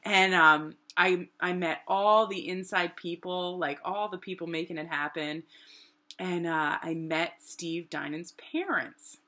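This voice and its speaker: Middle-aged New woman, lively vlog storyteller with a slightly low, bright, forceful voice. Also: a little slow. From New Hampshire, USA. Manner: animated, acts out quoted voices with big pitch jumps. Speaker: artist telling her story. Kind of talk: casual storytelling.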